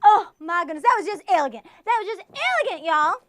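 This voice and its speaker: A woman's voice: extremely high pitch, big pitch swings, fairly quick, fairly bright tone, no echo, clean studio sound, exaggerated voice. A woman playing a vain, ditzy pageant contestant with a put-on Southern accent, gushing and sassy in a comedy sketch. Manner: gushing, sassy, over-the-top. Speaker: horror movie host.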